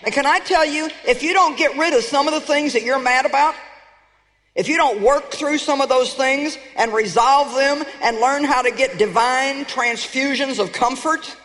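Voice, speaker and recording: An older woman preaching a sermon to a congregation, emphatic and animated as she rallies her listeners. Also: sits high, normal speed. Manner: emphatic, animated, rallying the audience. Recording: reverberant hall.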